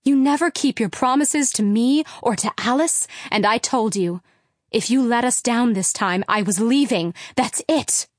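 A woman's voice: medium pitch, moderate pace, a little mellow, no echo, clean studio sound, close to an everyday voice. A woman reading a furious, fed-up mother. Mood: angry. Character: mother, fed-up wife, angry and tearful. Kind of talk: audiobook character reading.

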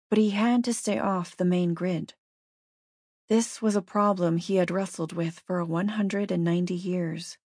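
A woman narrating a story in a steady, measured audiobook reading. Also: mid-range voice, no room sound, clean studio sound.

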